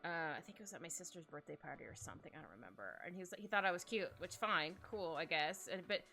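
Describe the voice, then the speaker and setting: A woman streamer talks casually while she draws at home, her voice bright and rising and falling in lively swoops. She rambles and giggles her way through stories, and soft music plays faintly under her. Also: fairly low pitch, fast talker, creaky. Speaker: livestreaming artist. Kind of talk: casual chat while drawing. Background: soft background music.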